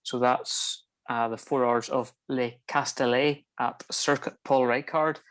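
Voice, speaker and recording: A man co-hosts a motorsport podcast in relaxed, casual chat. He rattles through the news briskly, rambling a little and leaning on fillers as he goes. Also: medium pitch.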